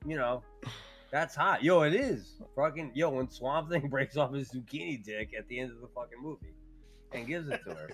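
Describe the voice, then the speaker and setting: A man co-hosting a live-streamed podcast, talking crudely and laughing a lot, sometimes breaking into shouts. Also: medium pitch, moderate pace, soft background music. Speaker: podcast co-host.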